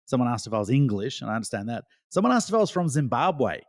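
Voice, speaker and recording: A man's voice: mid-range voice, very animated, quick pace, no room sound, clean studio sound. An Australian man chatting as a podcast guest, talking with a laugh in his voice. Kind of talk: casual chat.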